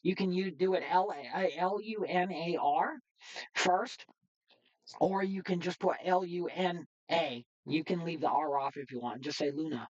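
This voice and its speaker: Chatty low-voiced woman streamer. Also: unhurried, darkish tone, muffled recording. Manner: rambling, chatty, with many fillers. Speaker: streamer and developer. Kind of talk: casual livestream chat.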